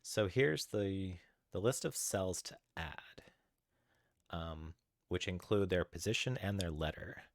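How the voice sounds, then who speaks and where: A man's voice: sits low, slow pace, no echo, clean studio sound. A man streaming live, chatting casually with viewers while coding and getting sidetracked. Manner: easily sidetracked, greets chatters by name; chatty, thinks aloud while searching.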